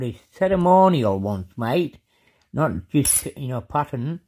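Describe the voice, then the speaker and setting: Man, collector vlog, unhurried, chatty, mid-pitched voice. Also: big pitch swings, warm tone, husky. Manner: chatty, says "mate" and "yeah" constantly; slow, drawn-out delivery. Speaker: coin collector showing coins. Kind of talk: casual show-and-tell vlog.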